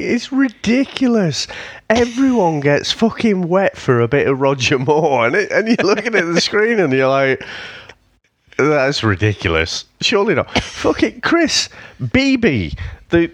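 A man's voice: high-pitched, big pitch swings, a little slow, dry recording. A man co-hosting a casual film review podcast, wry and swearing, sometimes quoting characters in put-on voices. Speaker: podcast co-host.

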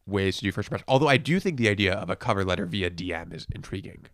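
A young man giving advice in a casual chat, measured with dry humor. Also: sits low, animated, a bit bright, no echo. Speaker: guest, former consultant.

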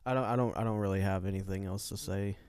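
A young man co-hosting a podcast, talking in a relaxed, rambling way with plenty of swearing and a soft, soothing voice. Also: deep voice, fast, crowd noise. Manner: laid-back, rambling, swears often. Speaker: podcast co-host. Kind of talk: casual chat.

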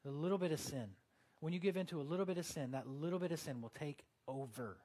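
A man's voice: fairly high pitch, fast. A man preaching a sermon in a casual, conversational way, with lots of fillers and quoted asides. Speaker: pastor.

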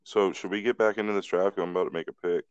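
A man's voice: low voice, fairly even intonation, fast talker, clean tone, no echo. A man co-hosting a podcast in laid-back, profane, grumbling casual chat, on a slightly dull lo-fi mic. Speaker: podcast co-host.

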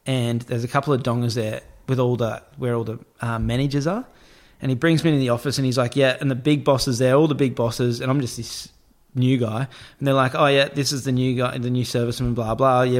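An Australian man tells a story in a loose, chatty way, swearing as he goes. He slips into other people's voices to act out what they said, and his pitch sits in an ordinary middle range for a man. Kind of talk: casual storytelling chat.

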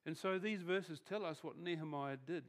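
This male preacher gives his sermon in a chatty style, his voice sitting on the high side at a moderate pace. Phrases often get restarted, and he tends to trail off quietly as each thought winds down.

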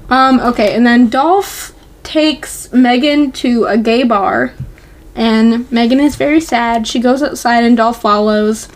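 A woman with a notably high voice chats casually as a podcast co-host. Her talk is loose and giggly, full of "like" and "um". She keeps an easy, unscripted flow. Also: a little slow, a little hiss or hum. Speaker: podcast co-host recapping a TV episode. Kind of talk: casual chat.

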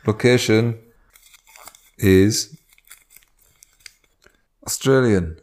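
A man's voice: lowish voice, very slow, a little mellow. A man co-hosting a comedy podcast with dry, joking casual chat. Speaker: podcast co-host.

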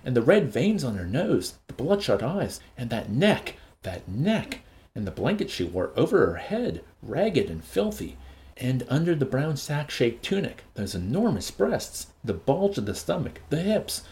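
A man hosting a show and reading a novel aloud in an expressive, varied voice. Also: mid-range voice, unhurried.

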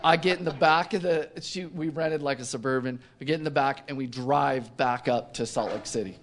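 A man as an interview guest, telling a self-mocking personal story in casual conversation with lively delivery. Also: mid-range voice, moderate pace, slight background noise. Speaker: company co-founder, interview guest.

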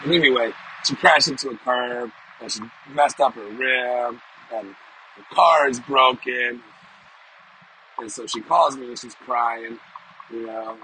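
A man's voice: mid-range voice, a little slow, rough recording. A middle-aged man and vlogger talking casually to his viewers in a rambling, conversational way. He often repeats himself and keeps checking in with "you know?". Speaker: vlogger and sales professional. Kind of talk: casual monologue to camera. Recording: steady background noise.

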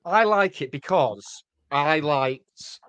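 A man co-hosting a podcast in casual chat, tossing out dry, deadpan one-liners. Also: on the high side, slow pace, clear, resonant tone, no echo. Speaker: podcast co-host.

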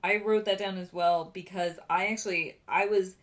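A woman co-hosting a podcast in casual chat, animated and exasperated, often laughing. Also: medium pitch, moderate pace. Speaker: podcast co-host.

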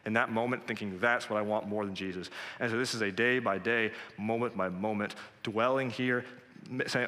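A man's voice: lowish voice, fairly even intonation, moderate pace, sharp tone, long reverb tail. A man preaching a sermon in an earnest, direct and conversational way, speaking straight to his listeners.

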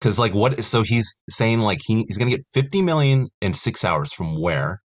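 A man's voice: lowish voice, animated, moderate pace. A man co-hosting a podcast, chatting casually with incredulous jokes and swearing. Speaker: podcast co-host. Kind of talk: casual chat recapping a TV episode.

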